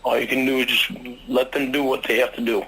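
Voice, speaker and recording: A man's voice: medium pitch, flat delivery, brisk, bright, forceful tone, slightly rough, low-quality recording. A man soothing and reassuring his upset partner on a reality show. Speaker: partner comforting his wife.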